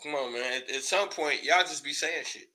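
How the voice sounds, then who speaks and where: Guy ranting on his show, high voice, real bright and sharp, cussing and cracking up. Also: normal speed. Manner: loose, profane, laughing often, repeats words when worked up. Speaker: commentary show host. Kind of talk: casual ranting commentary.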